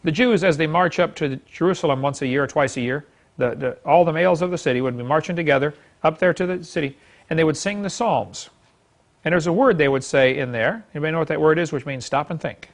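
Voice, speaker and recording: A man's voice: on the high side, fast. A man teaching a Bible class to a live audience, folksy and emphatic, chuckling as he acts out quoted speech.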